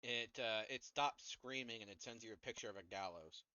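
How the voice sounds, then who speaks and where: A man's voice: medium pitch, a little fast, sharp tone, smooth, no echo, muffled recording. A man running a tabletop game as game master, wry and teasing with his players.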